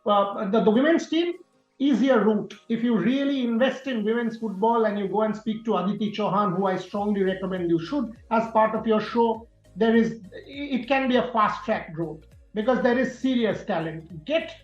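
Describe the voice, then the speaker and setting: A man's voice: high voice, normal speed. A man answers interview questions with firm, emphatic conviction and hammers home key words by repeating them. His voice sits in a reverberant room. The sound is a little muffled, with faint music underneath. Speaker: sports journalist guest.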